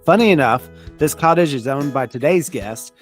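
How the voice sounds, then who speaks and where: A man's voice: mid-range voice, expressive, normal speed, faint music behind. Friendly male podcast host. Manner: friendly, hesitant with many fillers. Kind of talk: casual chat.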